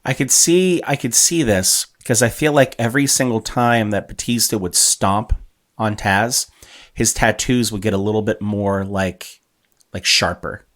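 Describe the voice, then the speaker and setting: A man co-hosts a casual podcast, trading relaxed jokes with his partner. His voice sits a little low for a man. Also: a little slow. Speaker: podcast co-host.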